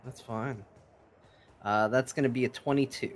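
A man in a tabletop game asking how his move works, relaxed and a little unsure. His mid-range voice comes with a faint hiss behind it. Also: mid-range voice, normal speed. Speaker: player.

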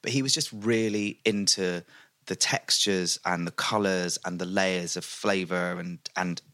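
Low-voiced chatty man. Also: steady tone, unhurried, pushed and bright, no room sound. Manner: enthusiastic, chatty, many fillers and restarts. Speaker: podcast guest, food and travel writer. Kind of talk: casual chat.

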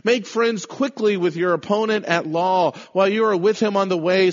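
A man preaches a sermon with dramatic swings between loud, forceful lines and hushed, slow ones. His voice sits fairly high for a man. The sound is muffled, and a long reverb trails off in a church hall.

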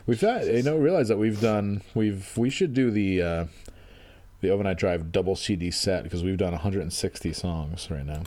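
A man's voice: deep voice, moderate pace, mellow. A man co-hosting a podcast, riffing and joking in casual chat. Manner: jokey, riffing, rambling. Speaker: podcast co-host.

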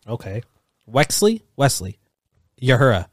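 A man's voice: medium pitch, sing-song, unhurried, dry recording, studio quality. A man co-hosting a podcast in casual chat, throwing in teasing quips. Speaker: podcast co-host.

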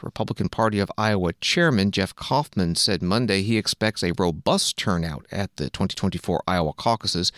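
A male news anchor reading scripted news narration in a measured, neutral way. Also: on the low side, a bit bright, no echo, studio quality.

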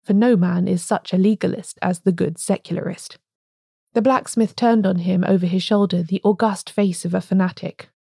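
A woman reads a classic story aloud in a steady, measured way. Her voice is warm and mellow, at a middle pitch. The recording is dry and close, with no room sound. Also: vocal fry, husky, no room sound. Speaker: audiobook narrator. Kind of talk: scripted narration.

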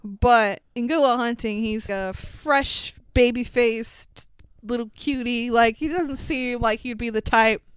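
A young woman co-hosting a casual movie podcast, animated and swearing freely. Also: a little high, takes it slowly, clear, resonant tone, no room sound. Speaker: podcast co-host.

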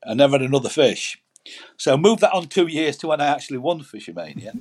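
A man's voice: a little high, animated, fast talker, a little mellow. A man, telling rambling stories as a guest in a casual chat, often repeating words. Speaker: guest angler.

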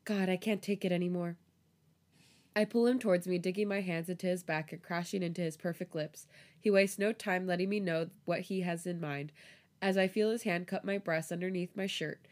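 A woman's voice: fairly low pitch, steady tone, a little fast, a little mellow. A woman co-hosting a podcast, reading fan fiction aloud and often breaking into laughter. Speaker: podcast co-host.

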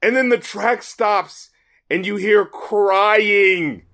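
A man with a fairly high voice talks through a music review in loose, casual chat. He sounds exasperated and swears freely as he picks the lyrics apart. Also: extremely slow, bright, forceful tone. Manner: exasperated, swears a lot, reads lyrics aloud in mocking voices. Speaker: music critic co-host.

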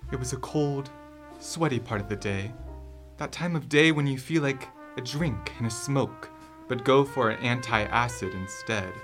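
A man voicing a world-weary male noir detective narrating in a deadpan, hard-boiled way. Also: medium pitch, measured pace, close to an everyday voice. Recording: distant voice over brass and guitar.

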